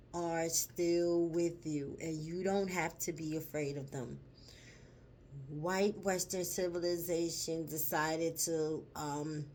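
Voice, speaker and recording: A vlogger with a lowish, somewhat dark voice chats casually with her audience. She speaks slowly, emphatically, and profanely, lingering on words and getting emotional and choked up as she tells a story.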